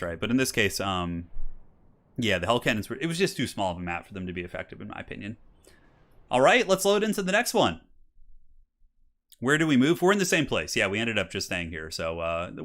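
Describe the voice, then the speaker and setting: A man's voice: medium pitch, fairly bright tone. A young man casually commentating a strategy game tournament on a live stream, chatting with viewers and reacting to the replays. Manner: chatty, upbeat, reads and answers chat.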